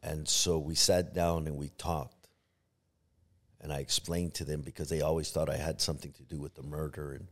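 Middle-aged man, pastor, extremely low voice, personal testimony, storytelling, restarts often. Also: flat delivery, fairly quick. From Los Angeles area. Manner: storytelling, acts out quoted voices, many restarts. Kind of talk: personal testimony in a podcast interview.

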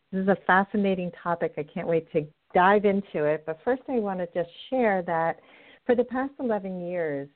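A middle-aged woman hosting a radio show as a love coach, chatting in an upbeat, direct way. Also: on the low side. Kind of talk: podcast host monologue. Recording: tinny phone-line audio.

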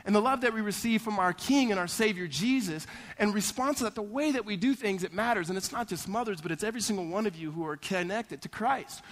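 Lively high-voiced man preaching in a hall. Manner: animated, conversational storytelling with repeated "right?". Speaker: pastor. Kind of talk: sermon. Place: church sanctuary.

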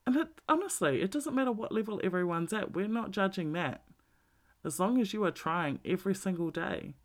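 A middle-aged woman, talking bluntly and swearing freely in a casual monologue, with animated emphasis. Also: medium pitch, fairly quick.

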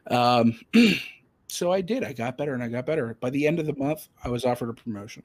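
A man hosting a casual podcast, telling a personal story in a rambling, animated way with many fillers and restarts. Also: mid-range voice, fairly quick, dry recording. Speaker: podcast host.

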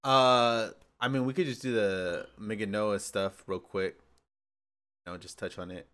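A man's voice: fairly low pitch, steady tone, measured pace, a bit bright, clear, resonant tone. Slangy joking male podcast guest. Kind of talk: casual podcast chat.

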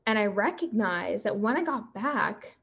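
Twenty-something woman from pennsylvania rambling through a solo podcast story, lots of energy, mid-pitched voice. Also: measured pace, creaky. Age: 20s. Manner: animated storyteller, acts out quoted dialogue. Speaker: podcast host and fitness coach.

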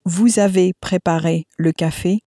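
A woman giving model pronunciations in a language lesson, saying each phrase slowly and clearly, often twice. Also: fairly low pitch, fairly even intonation, warm tone, no echo, studio quality. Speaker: native speaker model voice in a lesson. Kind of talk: slow, careful model pronunciation.

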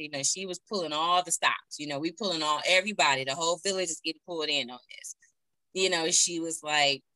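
Low, bright-voiced woman, very dry sound. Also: dry recording, low-quality recording. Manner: earnest, heartfelt, with many fillers. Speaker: guest. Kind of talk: personal story in a remote interview. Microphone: video call.

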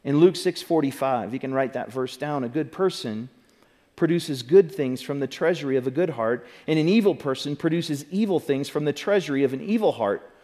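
Pastor, male, higher-pitched voice, relaxed conversational sermon delivery with questions to the congregation. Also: a little fast. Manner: conversational, asks the audience questions, demonstrates with props. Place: church stage.

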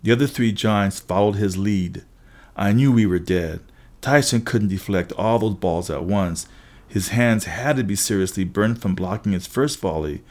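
A man reading a first-person adventure story aloud as an audiobook narrator, brisk, with occasional restarts. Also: on the low side, a little mellow.

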